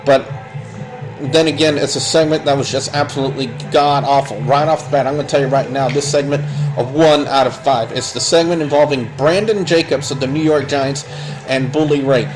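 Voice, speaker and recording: A man's voice: mid-range voice, steady tone, fairly quick, over music, rough recording. A man giving a blunt, opinionated spoken review of a wrestling show, rambling and restarting his sentences.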